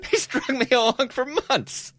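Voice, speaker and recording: A man doing a squeaky, whiny dupe. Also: fairly bright tone, dry recording, exaggerated voice. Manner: high, squeaky, petulant whine. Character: whiny gullible man upset he missed a payout.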